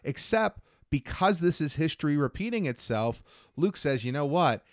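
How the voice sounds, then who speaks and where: Excited young man, dry sound. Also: a little high, moderate pace, dry recording. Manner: enthusiastic, acts out quoted lines. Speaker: podcast co-host discussing films. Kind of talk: casual chat.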